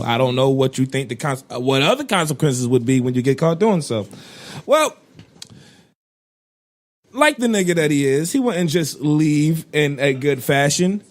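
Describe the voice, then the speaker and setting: A man co-hosting a podcast, ranting in a profane, animated way with bursts of laughter. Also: on the high side. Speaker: podcast co-host. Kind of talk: casual podcast rant.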